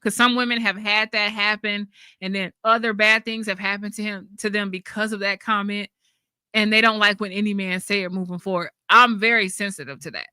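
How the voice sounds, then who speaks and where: A woman's voice: mid-range voice, steady tone, brisk, sharp tone, clean tone, no room sound. Woman doing a casual livestream, blunt and laughy, dry close sound. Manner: blunt, laughing often, with slang. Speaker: channel host.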